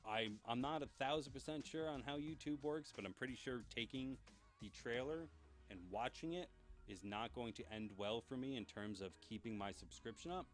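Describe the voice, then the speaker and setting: A man's voice: medium pitch, fairly bright tone. A young man hosting his own pop culture news show, chatting in a rambling, enthusiastic way. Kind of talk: casual solo show.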